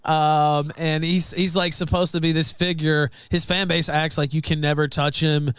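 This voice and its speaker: A man's voice: a little high, flat delivery, normal speed, fairly bright tone, smooth, no echo. A man streamer complaining in an aggrieved, rambling and profane way.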